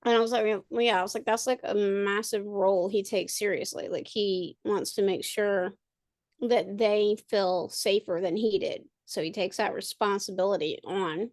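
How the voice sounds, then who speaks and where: A woman's voice: medium pitch, fairly even intonation, moderate pace, a little mellow, dry recording. A woman chatting casually on a video call, rambling with lots of fillers and restarts. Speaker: podcast co-host and parent. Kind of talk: casual chat.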